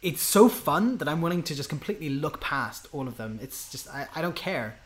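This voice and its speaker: Guy geeking out about movies on a podcast, laughs a lot, bit higher voice. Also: expressive, a little fast. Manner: enthusiastic, laughs easily, teasing. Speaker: podcast co-host. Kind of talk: casual chat.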